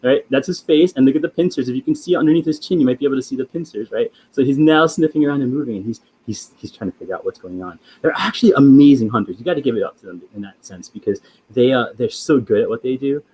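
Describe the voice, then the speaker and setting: A man presenting animals on a live educational show, excitable, stammering and often laughing. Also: medium pitch, fast, a little hiss or hum, rough recording.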